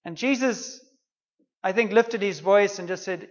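A man's voice: high voice, measured pace, lo-fi sound. A man preaching a sermon, retelling a story in an earnest, conversational way.

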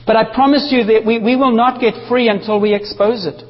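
A man preaching a sermon in a church, passionate and animated, with playful asides to the congregation. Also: high-pitched, brisk, in a large hall, highs cut off. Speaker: pastor.

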